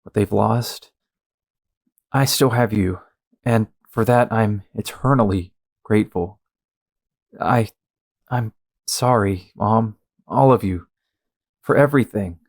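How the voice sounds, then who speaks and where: A man plays a remorseful young hero in an audio drama, speaking slowly in a gravelly voice. He halts and apologizes, recorded dry. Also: lowish voice, dry recording. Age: young adult. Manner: halting, apologetic.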